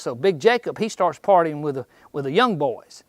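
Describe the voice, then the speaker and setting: A slightly high-voiced man with a drawl holds forth at a seminar in a shop. He spins folksy, joking stories, drops into slangy voices and keeps asking his crowd questions. The sound is dry and close, with little room in it. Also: a little fast, few pauses, dry recording. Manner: folksy, jokey storyteller, acts out bucks in slang, quizzes the audience. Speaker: seminar speaker on deer hunting. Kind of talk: live seminar talk to a small crowd. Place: indoor outdoor shop.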